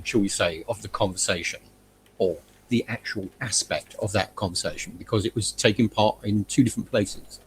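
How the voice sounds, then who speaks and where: A man joining a casual online hangout as a guest, speaking hesitantly with many pauses and restarts. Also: medium pitch, darkish tone, slightly rough. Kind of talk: casual live hangout chat.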